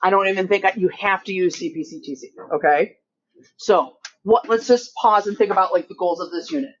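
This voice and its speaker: A brisk, mid-range female voice belongs to a high school math teacher leading her class. She's chatty and jokes at her own expense, checking in constantly with "right?" and "okay?". The classroom recording is distant and dull, with faint noise.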